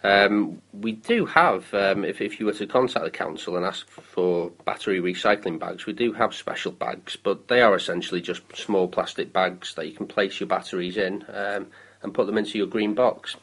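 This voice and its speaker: This is casual radio chat from a thirty-something British man discussing council recycling on a local show, with plenty of ums and false starts. His pitch is fairly low and a bit bright, and the audio is poor.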